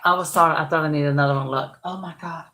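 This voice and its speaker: A woman live-streams as a doll restoration vlogger, rambling and exclaiming as she sorts supplies among stored boxes at home. She speaks fast in a low, steady, fairly bright voice; the room is echoey and the audio quality poor.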